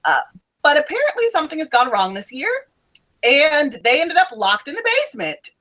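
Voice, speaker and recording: A woman narrating a tabletop role-playing game as game master, playful and quick to laugh. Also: high-pitched, very animated, a bit bright, rough recording.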